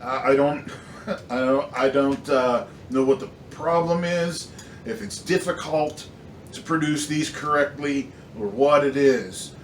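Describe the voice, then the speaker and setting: A man reviews airgun pellets in a casual, rambling way, full of fillers and frustrated emphasis. His voice sits at an ordinary pitch. It rings around a hard room, picked up from a short distance with a faint hiss underneath. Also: unhurried. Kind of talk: casual product review rant. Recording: echoey room, slightly distant mic, faint noise.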